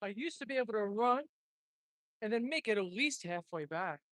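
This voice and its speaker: A man's voice: high-pitched, lively intonation, moderate pace, fairly bright tone, dry recording. A man vlogging to himself outdoors, his voice close and dry on a propped-up phone mic. He chats in a loose, self-mocking way and sounds a little winded. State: out of breath after a run. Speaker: band member vlogging. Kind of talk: casual solo vlog on a walk. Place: outdoors, open area. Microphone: phone propped up, headphones unplugged.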